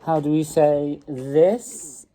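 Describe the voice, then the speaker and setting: Slow patient Staffordshire man teaching vowels. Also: a little high, fairly even intonation, warm tone, poor audio. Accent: English Midlands, Staffordshire. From English Midlands. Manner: patient, drawn-out repetition of vowel sounds. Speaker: English teacher. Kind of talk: home phone-video phonics lesson. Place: home dining room with children present. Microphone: mobile phone propped on table.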